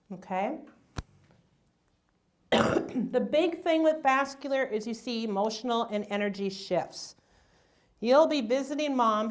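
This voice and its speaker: Woman teaching a dementia care class to a crowd, kinda high voice, very animated. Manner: animated, acts out family members' voices. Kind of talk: community health talk to a live audience.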